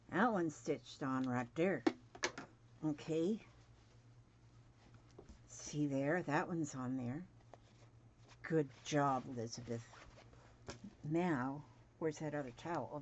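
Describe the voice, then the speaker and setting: Working through a sewing demonstration, a crafting vlogger in her seventies chats and mutters to herself in an unhurried, low voice. The home recording is dull and lo-fi, with faint background noise.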